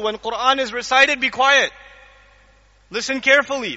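Guy lecturing on the quran, super animated, acts stuff out, asks the crowd questions, dull lo-fi sound. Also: very high-pitched, a little fast, long reverb tail. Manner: animated, acts out scenes and quizzes the audience. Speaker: Islamic lecturer. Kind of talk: lively Quran lecture to a live audience.

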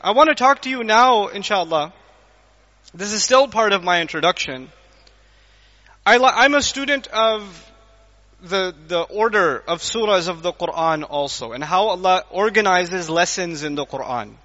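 A man delivers a lively religious lecture in a very high, bright voice. He acts out little scenes and keeps asking the audience questions. The recording is dull and lo-fi. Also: normal speed, in a large hall. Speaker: Islamic lecturer.

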